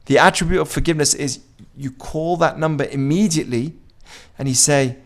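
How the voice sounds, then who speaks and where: A man's voice: on the high side, brisk. A man giving an informal Jewish teaching to a group, speaking conversationally, asking the room questions and acting out quoted dialogue. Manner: conversational, asks the audience questions. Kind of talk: informal Torah class.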